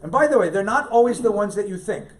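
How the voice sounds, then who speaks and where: A middle-aged man with a high, very lively voice gives a storytelling lecture as a rabbi. He keeps repeating his key lines for weight and throws in jokey asides. He is picked up from some distance in a synagogue hall. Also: quick pace.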